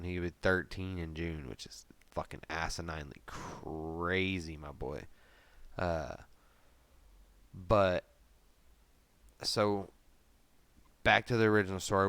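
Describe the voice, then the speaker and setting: A man's voice: low voice, clean tone, no echo. A man in his thirties, a podcast host, telling a rambling story in casual chat, with constant swearing and filler words.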